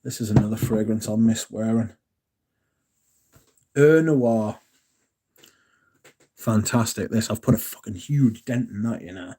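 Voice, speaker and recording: A relaxed, dark-toned English man talks loosely to his livestream chat. He rambles, trips over his words and corrects himself, then drops in a casual swear or a joke. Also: fairly low pitch, a little slow, pauses often, a little hiss or hum. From England. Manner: rambling, self-correcting, jokey and profane. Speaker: livestream host.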